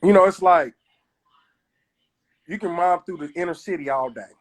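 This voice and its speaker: A man from Kansas City, a comedian telling stories in casual chat on a live stream. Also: sits high. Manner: storytelling, does quick voices of others.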